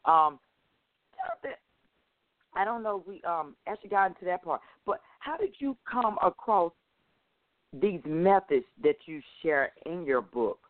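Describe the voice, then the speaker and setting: A man's voice: sits high, expressive, a little slow, dry recording. Chatty male host on a phone line. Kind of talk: casual interview.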